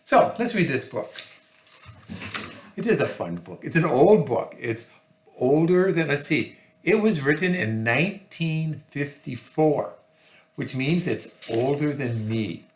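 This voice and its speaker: A man reading a picture book aloud to children, slow and expressive with chatty asides. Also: a little high, echoey room, a little hiss or hum.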